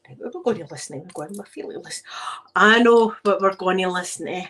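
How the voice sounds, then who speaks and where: A woman's voice: mid-range voice, fairly quick, noisy background. A middle-aged woman with a Glaswegian Scottish accent, chatting playfully to her viewers in a casual vlog and laughing at her own jokes. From Scotland. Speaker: vlogger.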